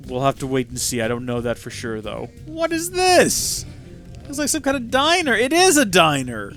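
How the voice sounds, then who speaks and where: A man's voice: medium pitch, expressive, a little fast, fairly bright tone, soft background music. A man with a Southern US accent giving chatty, sarcastic commentary while playing a game. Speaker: let's play host. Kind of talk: casual gameplay commentary.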